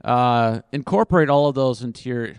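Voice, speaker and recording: A man at a conference Q&A who answers questions conversationally and pokes fun at his own answers. His voice is smooth and resonant, and it sits at a middle pitch. The sound is dry and close, with little room echo. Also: moderate pace. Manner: conversational and self-deprecating. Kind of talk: conference Q&A, thinking aloud.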